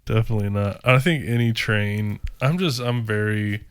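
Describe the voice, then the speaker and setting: Male podcast co-host, low smooth voice, rambling casual chat, dry sound. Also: moderate pace, dry recording. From rural area. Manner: rambling, many fillers.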